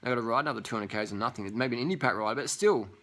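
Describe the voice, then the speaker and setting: Casting: young guy, bright forceful voice, profane scornful rant. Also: mid-range voice, very fast. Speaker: vlogger.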